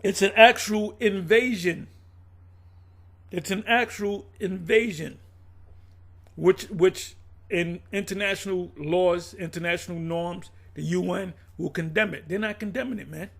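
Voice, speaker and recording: A man's voice: high-pitched, steady tone, a little slow, creaky, breathy edge. A man giving casual, emphatic commentary on the news and prophecy, rambling and swearing as he talks.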